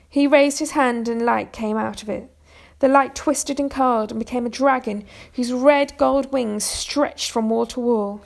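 With a gravelly fry in her slightly high voice, a woman reads a children's storybook steadily and evenly. Her pace is a little slow with few pauses, and she sometimes stumbles and restarts a word.

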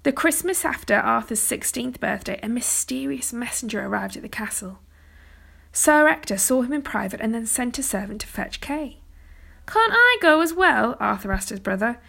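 A woman gently reading a chapter book aloud as a storyteller, sometimes dropping to a whisper. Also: fairly high pitch, normal speed, gravelly, breathy edge. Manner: gentle, soft-spoken, dropping to a whisper at times.

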